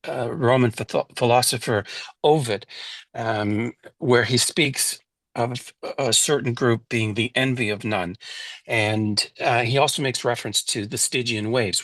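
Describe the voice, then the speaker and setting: An older man recounts a story for an interview, easygoing and measured, with a few small restarts. He sits close to the mic in a dead, dry room, and his voice sits at an ordinary middle pitch. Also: fairly bright tone, dry recording. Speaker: guest musician.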